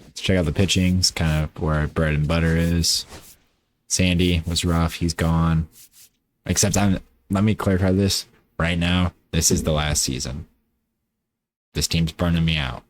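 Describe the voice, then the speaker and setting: A man's voice: low-pitched, fairly even intonation, a little slow. A man casually talking through his baseball video game season, rambling and correcting himself as he goes. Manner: rambling, self-correcting, offhand. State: tired. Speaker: gaming YouTuber.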